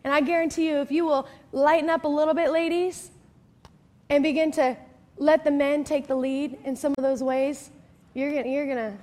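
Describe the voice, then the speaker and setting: A woman's voice: sits high, brisk, darkish tone. A woman pastor giving a chatty, emphatic sermon, often checking in with the crowd and acting out little scenes. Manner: acts out quoted people in story.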